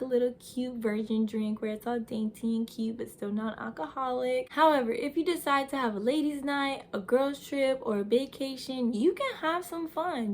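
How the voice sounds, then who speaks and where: A woman's voice: on the high side, darkish tone, slight background noise. A young woman giving lifestyle advice straight to her viewers, talking in an instructive way and calling them "you guys". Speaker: lifestyle vlogger. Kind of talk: advice vlog talking to camera.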